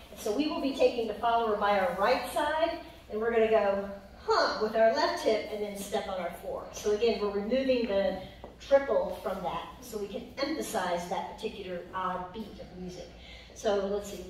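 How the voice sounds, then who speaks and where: A woman's voice: mid-range voice, darkish tone, a little hiss or hum. A woman dance instructor teaching a live class, upbeat and counting beats aloud to the music. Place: dance hall. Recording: echoey hall from far off, music behind.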